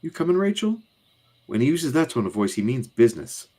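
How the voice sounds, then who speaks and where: A man's voice: mid-range voice, sing-song, brisk, warm tone, pitched above the performer's own voice. A man doing a worried teenage girl.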